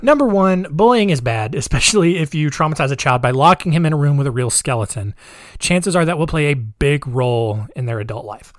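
A man's voice: a little high, animated, brisk, no echo. A man casually retelling a true-crime story, hesitant and wry, with many restarts. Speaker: podcast storyteller.

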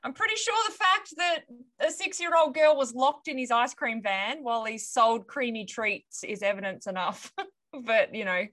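A woman with a bright, higher voice telling a story on a casual podcast. She breaks into laughter often and drops wry asides between the plot points. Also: normal speed.

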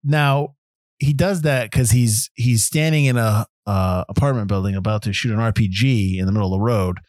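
A man casually talking through a movie with a friend, jumping into high-pitched disbelief when something seems dumb. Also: normal speed, darkish tone, no echo, studio quality. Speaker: movie podcast co-host.

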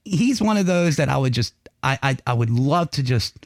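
A man hosting a loose, profane podcast, swinging his voice up high whenever he acts out a story. He laughs often and swears constantly. His recording is dry and close, with no room sound. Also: expressive, moderate pace, dry recording. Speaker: podcast host. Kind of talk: casual chat.

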